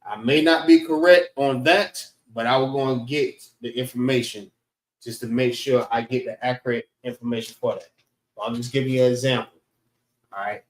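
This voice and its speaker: Recorded with reverb and low quality, this instructor speaks in a mid-range male voice at a moderate pace. He's giving a casual class lecture on an online call, talking loosely and repeatedly checking in with listeners through "all right."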